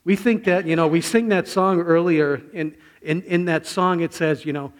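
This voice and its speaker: A middle-aged male pastor tells a personal story from the pulpit. His voice sits a little high for a man, and he drops to a hush for quotes and reflection, then breaks out loud on key phrases. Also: steady tone, normal speed, hardly any pauses. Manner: storytelling, sudden swings from hushed to loud. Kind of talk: sermon.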